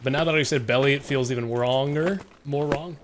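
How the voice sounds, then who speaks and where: A man's voice: medium pitch, fairly quick, noisy background. A male streamer giving casual gameplay commentary, rambling and self-mocking with frequent laughs.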